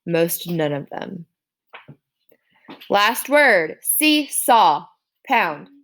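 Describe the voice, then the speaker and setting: A woman's voice: medium pitch, lively intonation, unhurried, fairly bright tone, a little hiss or hum. A woman teacher giving a classroom spelling dictation, sounding out words syllable by syllable.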